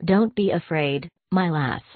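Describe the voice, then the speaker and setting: Sly, oily-sweet grieving woman in an audiobook, read by a woman; low, dry and phone-thin. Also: a little slow, no echo. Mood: coaxing. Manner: coaxing, oily. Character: fond, sly working-class woman in mourning. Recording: tinny phone-like dry sound.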